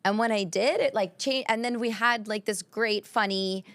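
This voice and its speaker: A woman who speaks English as a non-native, accented speaker co-hosts a casual podcast chat, telling stories animatedly and performing quoted voices. Her voice is fairly high and fairly bright, at normal speed, with no echo.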